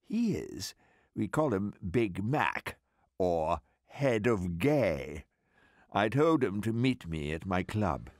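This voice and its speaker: An older man with a Scottish accent, narrating and acting in a scripted radio comedy with dry, deadpan delivery. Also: lowish voice, slow, no echo. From Scotland.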